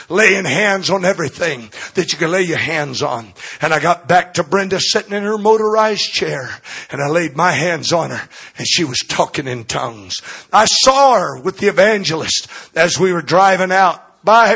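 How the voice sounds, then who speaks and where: Older male pastor, high husky voice, emotional sermon storyteller who goes quiet and tender. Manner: emotional preacher, drops to soft low tones for tender moments. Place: church sanctuary.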